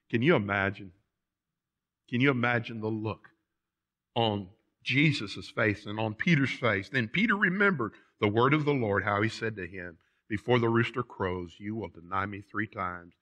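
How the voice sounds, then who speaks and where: Middle-pitched man preaching in church, folksy and plain, gets loud then goes quiet. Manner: animated preaching, swinging between loud emphasis and quiet asides; plain-spoken and folksy, often addressing the congregation as folks. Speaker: pastor. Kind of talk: Sunday sermon. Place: church sanctuary.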